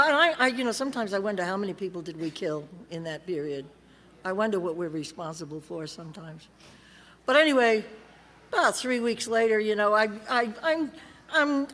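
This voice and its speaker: Speaking at a recovery meeting in a big convention hall that echoes, a Californian woman recounts her recovery with blunt, dry humor, voicing the people she quotes. Her voice runs on the high side, slightly bright.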